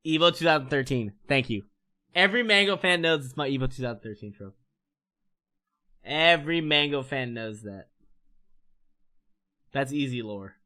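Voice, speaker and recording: A man telling a casual story on his stream, animated, profane and rambling. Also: mid-range voice, normal speed, long pauses.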